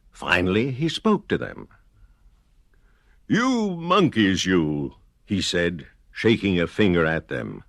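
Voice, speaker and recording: A man reading a children's story aloud slowly in a sing-song, very expressive way. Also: low voice, gravelly, no room sound, studio quality. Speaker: radio theater storyteller.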